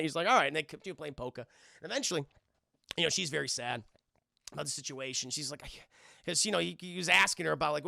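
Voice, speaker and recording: A man casually recapping a film scene by scene for his live chat, rambling and profane, acting out the characters in quick voices. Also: a little high, vocal fry, pushed and bright, no room sound, studio quality. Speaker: film review streamer.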